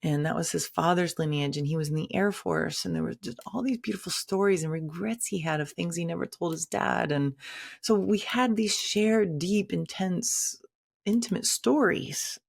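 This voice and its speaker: Woman with a gravelly low voice. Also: moderate pace. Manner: candid, conversational, with dramatic quoted asides. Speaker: shaman and teacher. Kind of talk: personal storytelling.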